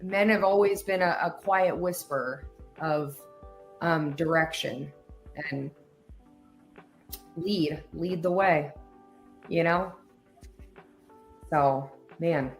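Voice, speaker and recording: Woman host, low-ish pitch, unhurried and heartfelt, faint music under her. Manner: emotional, earnest, many fillers and trailing pauses. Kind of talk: heartfelt casual talk show chat.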